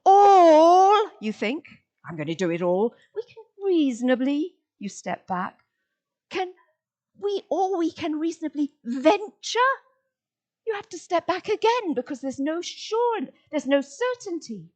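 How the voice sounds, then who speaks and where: A woman giving a lecture in an expressive, playful way, acting out inner voices and drawing out single words, often asking the audience questions. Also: extremely high pitch, a little slow. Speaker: summer school lecturer. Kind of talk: expressive lecture on word meanings.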